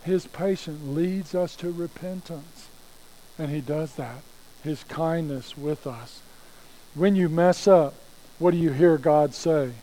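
A man's voice: fairly high pitch, takes it slowly, warm tone, low-quality recording. A pastor preaching a conversational sermon, repeating phrases and restarting his sentences as he goes.

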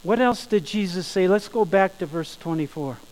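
A man preaching a sermon, emphatic, slowing down and rising in volume on key phrases. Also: sits high, animated, darkish tone, poor audio. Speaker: pastor.

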